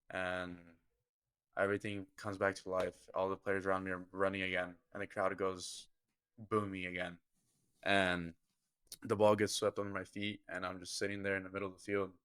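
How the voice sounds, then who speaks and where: A man's voice: low voice, a bit bright, smooth, dry recording. A young man, a guest on a podcast, earnestly telling a personal story in vivid detail. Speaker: podcast guest, football kicker. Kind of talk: personal storytelling in a casual interview.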